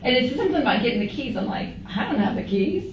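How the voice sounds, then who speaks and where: A woman questioned by police, recounting past events in a rambling, animated way full of quoted dialogue. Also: a little high, fast. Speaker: witness interviewed by police. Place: police interview room. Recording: roomy, muffled, noisy, distant interview room recording.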